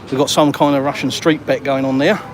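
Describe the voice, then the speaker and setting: A man's voice: mid-range voice, fairly even intonation, a little fast. Jokey Englishman streaming from a busy street. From England. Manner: chatty, joking, banter with viewers. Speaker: live-streaming vlogger. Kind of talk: walk-and-talk live stream, reading viewer comments. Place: outdoors on a city street. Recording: outdoor street traffic noise.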